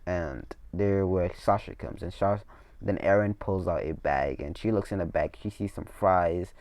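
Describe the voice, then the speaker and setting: A man's voice: low voice, normal speed, a little mellow, dry recording. A young man casually retelling a fan story in a rambling way, with many restarts and swearing asides.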